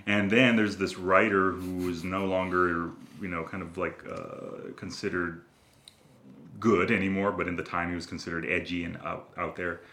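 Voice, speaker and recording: A man's voice: sits low, little pitch movement, normal speed, bright, forceful tone. A man chatting casually on a podcast, rambling and hesitant, with lots of fillers. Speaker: podcast co-host. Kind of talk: casual chat. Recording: roomy echo.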